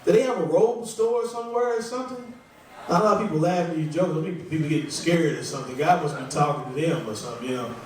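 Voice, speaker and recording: A high-voiced man works through a stand-up set in a small club, rambling and chatty and quick to laugh at himself. He sounds a little distant from the mic, and the room's echo hangs heavily around every line. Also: darkish tone, a little hiss or hum. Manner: rambling, conversational, self-deprecating. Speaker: stand-up comedian. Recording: echoey room, voice from far off.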